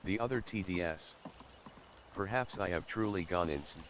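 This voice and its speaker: A man's voice: low voice, normal speed, fairly bright tone, slight background noise. A man streamer chatting casually and playfully, reading chat aloud and joking. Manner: playful, jokey, sing-song repeating. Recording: clear music playing behind.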